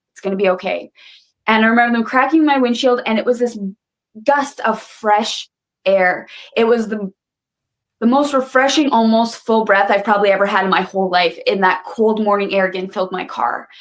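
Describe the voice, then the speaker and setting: A woman's voice: a little high, steady tone, normal speed. A young woman retelling a personal ordeal in an earnest, vivid way, acting out what people said. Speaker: guest telling her story. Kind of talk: emotional personal storytelling.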